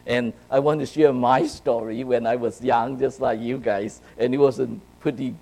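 A man from China preaching to young people, telling a personal story with animated swings between hushed and loud, often checking in with "right?" and "okay?". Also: mid-range voice, moderate pace, low-quality recording. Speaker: youth speaker.

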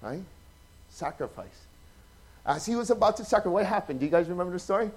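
A male preacher with a notably high voice gives a relaxed, conversational sermon. He tells stories with lively energy, acts out the people in them and keeps asking his listeners questions. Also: quick pace, pauses often. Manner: chatty, animated, acts out quotes, asks the audience questions. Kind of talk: informal sermon storytelling.

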